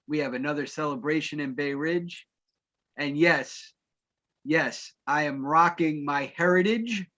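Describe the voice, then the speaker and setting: A man's voice: fairly high pitch, fairly bright tone, muffled recording. A man hosting a live sports talk show, bantering with his co-host in a playful, mock-formal way.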